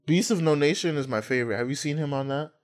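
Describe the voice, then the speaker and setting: A young man hosting a casual chat, telling animated stories with crude slang and laughing easily. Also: on the high side, quick pace. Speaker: podcast host.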